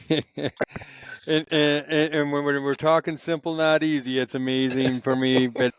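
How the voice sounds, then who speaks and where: Animated, rambling man with a smooth voice. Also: on the high side, measured pace, rough recording. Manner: rambling, animated storyteller with many restarts; passionate. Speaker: podcast guest. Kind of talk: casual conversation.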